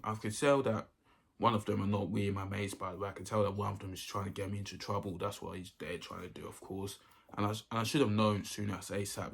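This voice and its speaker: A man's voice: deep voice, creaky, husky. A young man, telling a story in a casual, rambling way that keeps repeating itself. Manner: rambling, repeats himself often. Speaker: vlogger.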